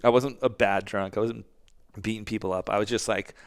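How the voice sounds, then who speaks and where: A man's voice: fairly low pitch, steady tone, a little fast, clear, resonant tone. A man in his forties telling stories candidly in an interview, swearing often and acting out what people said. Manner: candid, heavy swearing, acts out quotes. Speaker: podcast guest, band frontman. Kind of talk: casual interview storytelling.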